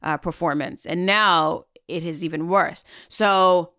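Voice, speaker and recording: A woman with a General American accent talks through ideas in a casual podcast chat, explaining as if giving a small lecture. Her voice sits a little low and comes across smooth and resonant. The recording is close and dry. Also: fairly even intonation, unhurried, fairly bright tone, dry recording. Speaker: podcast co-host.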